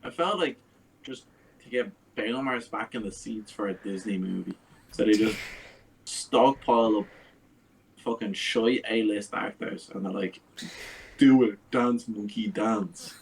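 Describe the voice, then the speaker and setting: A man's voice: fairly low pitch, big pitch swings, measured pace, vocal fry, poor audio. Man, sweary sarcastic podcast chat, faint background noise. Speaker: podcast co-host. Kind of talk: casual film review chat.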